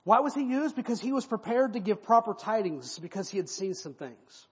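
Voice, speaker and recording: A male pastor preaches in an animated, conversational way, with a high, husky voice that rises and falls widely. He is heard through a dull, lo-fi recording with a long hall echo. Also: brisk. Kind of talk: expository sermon. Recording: echoey hall, dull lo-fi sound.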